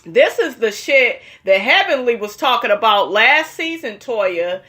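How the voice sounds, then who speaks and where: A woman's voice: a little high, very animated, measured pace, sharp tone. A woman giving a sassy, profane gossip recap of a reality show in a casual, slangy way.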